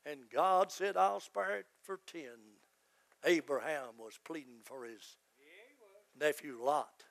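Older pastor, a man, gravelly voice, fervent sermon that builds to shouting. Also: on the high side, takes it slowly. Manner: fervent preaching, voice rising to shouts.

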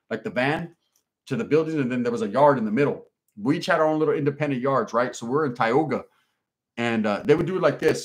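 A man hosting a livestream, telling a long story in laid-back street slang and reading out comments from chat. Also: mid-range voice. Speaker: livestream host.

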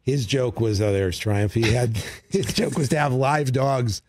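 A male comedy writer, appearing as a guest in a radio studio, tells stories casually in a medium-pitched voice. He's animated, tossing in quick asides and acting out quotes in this relaxed interview storytelling.

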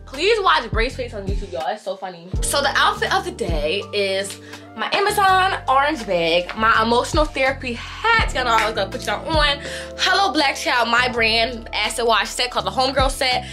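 A woman's voice: fairly high pitch, very animated, normal speed, soft background music. A woman in her twenties chatting casually to her camera in a vlog, outspoken and blunt with lots of slang. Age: 20s. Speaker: vlogger. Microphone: compact camera held close.

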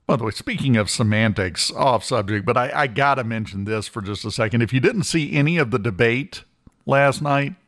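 A man's voice: mid-range voice, normal speed, fairly bright tone, dry recording. A man hosting a talk radio show in a studio, delivering a blunt, sarcastic opinion monologue with emphatic repetition.

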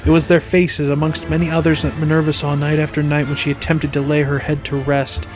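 A man reading a fan fiction story aloud in measured storytelling narration. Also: on the high side, monotone, music in the background. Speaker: story reader.

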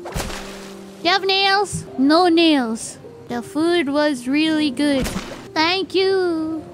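A woman streamer chatting casually while she plays a game, excitable and quick to gasp and squeal. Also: very high voice. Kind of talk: casual gameplay chat. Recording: game music behind.

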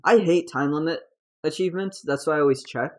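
A young adult woman streamer giving casual live game commentary, chatty and excitable and swearing freely. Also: deep voice, a little fast, low-quality recording.

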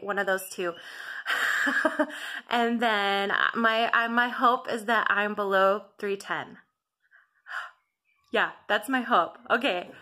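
A woman's voice: medium pitch, pushed and bright. A woman vlogger talking in a casual, gushing and emotional way to her viewers, laughing often. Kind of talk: casual weight-loss vlog.

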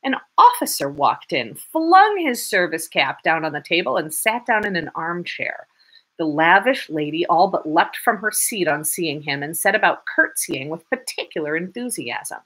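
A woman reading a classic novel aloud with expressive, dramatic narration. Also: on the low side, moderate pace, husky.

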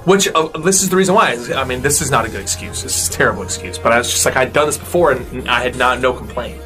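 A man casually telling a story, quoting what others said in a relaxed way. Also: medium pitch, quick pace, over music.

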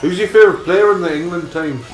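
A man's voice: high voice, fast. A man chatting crudely and rambling while drunk, hosting a gaming session. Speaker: gaming video host. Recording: echoey room with loud game music.

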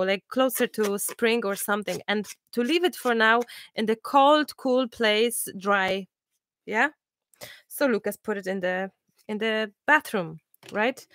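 A woman in her thirties hosting a live crafting class, chatting and telling stories in a lively way with many restarts. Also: medium pitch, no echo, studio quality. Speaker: crafting channel host. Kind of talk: casual chat during a live crafting class.

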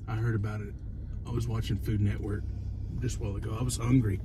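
A man's voice: lowish voice, flat delivery, fast, mellow, slight background noise. A man chatting casually while eating on camera, easygoing and prone to rambling lists. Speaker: co-host.

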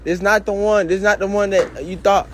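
A man talking in a casual vlog outdoors, excited and repetitive, filming himself on a phone. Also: sits high, normal speed, noisy background. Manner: excited, repetitive street talk. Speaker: vlogger.

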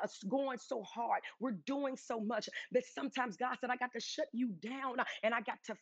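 Fervent high-voiced woman preaching. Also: no room sound, highs cut off. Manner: fervent preaching with repeated exclamations. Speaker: evangelist. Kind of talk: sermon. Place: home or studio, pre-recorded.

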